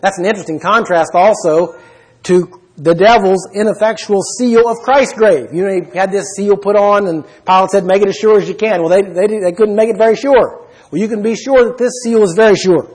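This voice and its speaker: Husky high-voiced man preaching a Bible sermon. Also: a little fast, darkish tone, rough recording. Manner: emphatic, asks the listeners questions.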